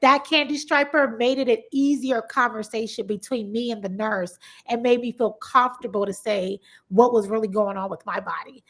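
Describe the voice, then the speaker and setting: A woman's voice: on the high side, moderate pace, creaky, hardly any pauses. A woman podcast host from Compton, chatting in a casual interview and telling stories with acted-out quotes. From Compton, Los Angeles. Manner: animated storytelling, acts out quoted voices.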